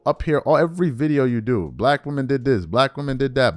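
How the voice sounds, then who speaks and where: A man's voice: mid-range voice, animated, fairly quick, few pauses, dry recording, soft background music. A man hosting a sports commentary channel, delivering an emphatic, repetitive opinion rant straight at his viewers.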